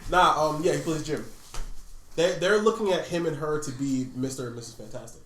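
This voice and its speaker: A man chatting casually on a podcast, his voice bright and forward. He swears freely and laughs loudly. The room gives his voice a noticeable echo. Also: fairly high pitch, a little fast. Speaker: podcast co-host. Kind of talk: casual chat. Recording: roomy echo.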